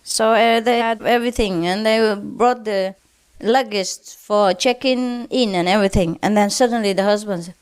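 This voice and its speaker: A woman telling a series of jokes in an unhurried, chuckling storytelling manner. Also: medium pitch, clear, resonant tone. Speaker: spiritual teacher.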